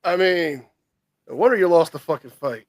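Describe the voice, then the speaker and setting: A man's voice: fairly high pitch, lively intonation, normal speed. A man co-hosting a podcast, asking mock-serious questions and swearing in casual chat.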